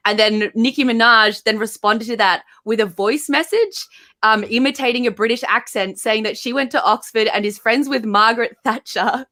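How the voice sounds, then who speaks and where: A woman's voice: on the high side, moderate pace, pushed and bright. A woman comedian on a comedy podcast, chatting playfully with many "like"s and "I reckon"s. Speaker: comedian guest.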